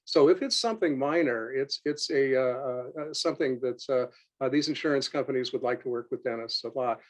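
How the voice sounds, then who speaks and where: Halting man speaking on a webinar call. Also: mid-range voice, low-quality recording. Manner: halting, many filler sounds and restarts. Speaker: company representative on a webinar. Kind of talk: unscripted webinar talk.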